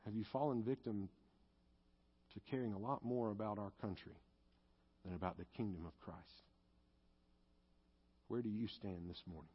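Pastor guy preaching then praying, kinda husky, earnest, muffled lo-fi church audio. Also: lowish voice, moderate pace, long pauses. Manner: earnest, confessional, rising to fervent pleas in prayer. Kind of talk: sermon and closing prayer.

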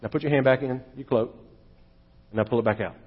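A man voicing God as a calm, commanding figure, in a dull echoey hall recording. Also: fairly high pitch, moderate pace, husky, voice pushed down.

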